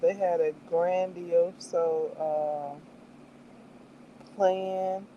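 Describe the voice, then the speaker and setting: A woman hosting a livestream in casual chat, animated and laughing often, acting out her own reactions between wandering, filler-filled stretches. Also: fairly low pitch, drawn-out words, lo-fi sound, slight background noise. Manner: meandering with many fillers. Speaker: livestream host reviewing a show.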